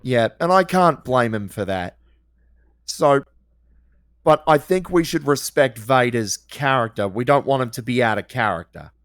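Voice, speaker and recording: A man's voice: mid-range voice, lively intonation, measured pace, no echo, studio quality. A man co-hosting a livestream, chatting casually and laughing easily while a game plays. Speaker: co-host. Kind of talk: casual gaming chat.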